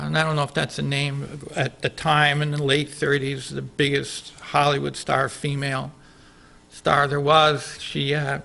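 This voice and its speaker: Gravelly, bright-voiced man telling a story. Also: medium pitch. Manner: animated, chuckling, self-interrupting. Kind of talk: live storytelling to an audience. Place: TV studio stage with live audience.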